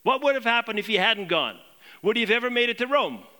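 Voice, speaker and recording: Man, pastor, sermon, highish voice, bright tone, sinks to a hushed murmur at points. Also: sing-song, quick pace. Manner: questioning, drops to a low murmur on key points.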